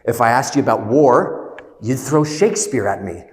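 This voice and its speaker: A man playing a weary, blunt middle-aged therapist as he retells a film scene with quick, emphatic delivery. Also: medium pitch, lightly acted. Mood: earnest. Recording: roomy hall with long reverb.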